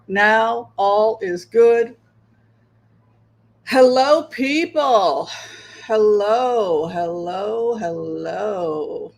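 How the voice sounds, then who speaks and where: A woman's voice: mid-range voice, vocal fry, slight background noise, low-quality recording. A woman hosting a tarot livestream, chatting casually and rambling as she checks in with her viewers. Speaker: tarot reader and livestream host.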